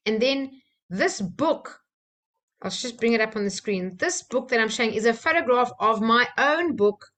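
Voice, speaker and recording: A woman, a personal-development trainer from South Africa, telling a candid personal story with soft laughs and fillers. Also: on the high side, lively intonation, normal speed.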